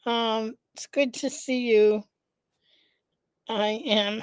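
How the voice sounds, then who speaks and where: A congested woman hosting her live vlog in a casual, chatty way, often pausing with "um" and greeting viewers by name. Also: on the high side, a little mellow, clear, resonant tone, dry recording. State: congested, nasal stuffiness. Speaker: vlog host, founder of an organization. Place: indoors at home.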